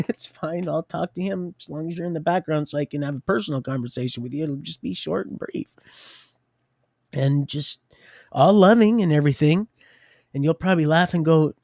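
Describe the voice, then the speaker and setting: Man, fairly high voice, gravelly, rambling faith talk, laughs often, dry mic. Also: brisk, dry recording. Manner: rambling, laughing often, shifting loud and hushed. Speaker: livestream host.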